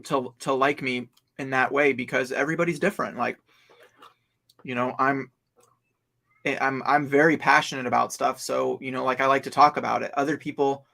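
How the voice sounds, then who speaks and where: A man with a gravelly, bright edge to his voice chats on a casual livestream. He rambles earnestly, circling back to explain and defend his points rather than getting straight to them. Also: medium pitch, steady tone, moderate pace. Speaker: livestream co-host.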